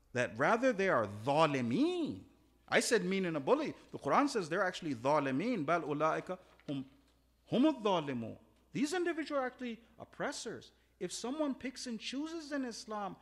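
Male preacher, sermon with stories; high, very lively pitch, sprinkles Arabic terms. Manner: animated, swings from loud emphatic peaks to quiet asides; uses Arabic religious terms. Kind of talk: sermon with storytelling.

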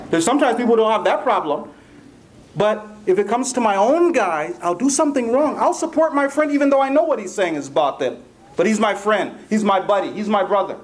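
Animated high-pitched male preacher. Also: moderate pace, a little hiss or hum. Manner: animated storyteller, often asking "right?". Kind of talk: Ramadan sermon with humorous anecdote.

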